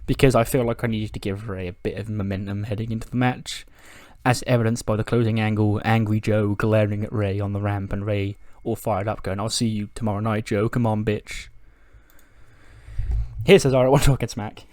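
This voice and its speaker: A man with a fairly low voice talks casually through a wrestling sim playthrough. He slips in and out of quick ad-libbed promos without changing his voice and laughs at his own lines. The sound is dry and close, with no room around it. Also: steady tone, a little mellow, no echo. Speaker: let's-play commentator. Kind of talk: casual gameplay commentary.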